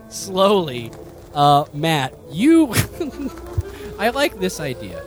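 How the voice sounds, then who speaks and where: A man's voice: fairly high pitch, huge pitch swings, extremely slow, over music. A man narrating as game master of a tabletop game, rambling loosely and laughing often.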